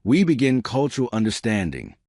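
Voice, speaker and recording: A man voicing a tall, thin alien male professor who speaks in a measured, formal way. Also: mid-range voice, huge pitch swings, warm tone, no room sound, clean studio sound.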